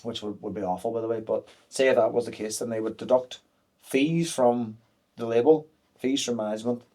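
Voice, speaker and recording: A man's voice: medium pitch, steady tone, a little fast, mellow. A man in his thirties, a podcast guest talking openly and frankly, with plenty of fillers and restarts. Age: 30s. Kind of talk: candid podcast conversation.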